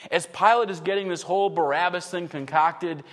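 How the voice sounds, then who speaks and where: Preacher guy, pretty high voice, lots of questions to the room, long hall echo. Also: a little fast. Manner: vivid, rhetorical questions to the congregation. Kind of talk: expository sermon. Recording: long reverb in a large hall.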